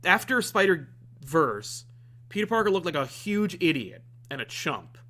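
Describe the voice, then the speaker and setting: A man's voice: fairly high pitch, very animated, measured pace, sharp tone. A man co-hosting a comic review podcast, talking casually in a rambling way with lots of fillers and restarts. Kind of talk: casual chat.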